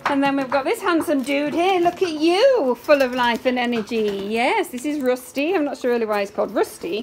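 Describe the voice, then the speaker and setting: A high-voiced woman walks around a dog rescue showing off new dogs and baby-talking to them in coos. She's filmed on a phone outdoors near the kennels, with heavy background noise.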